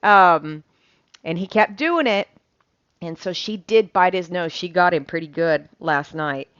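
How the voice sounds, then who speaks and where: A woman's voice: lowish voice, moderate pace, no room sound. A woman chatting casually as she cooks, rambling with lots of ums and casual swearing. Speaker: cooking vlogger. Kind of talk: casual chat while cooking. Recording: dull lo-fi sound.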